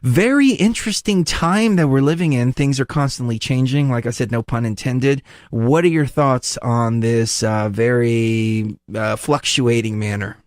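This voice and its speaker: Male host, casual chat, animated and rambling, dry close sound. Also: mid-range voice, measured pace, hardly any pauses, no room sound.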